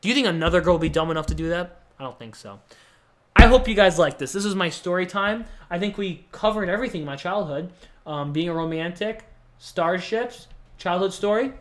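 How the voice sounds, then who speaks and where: A young man hosting his own podcast, telling a childhood story in a rambling, self-mocking way with quick bursts of excitement. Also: high voice. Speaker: podcast host. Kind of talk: casual storytelling monologue.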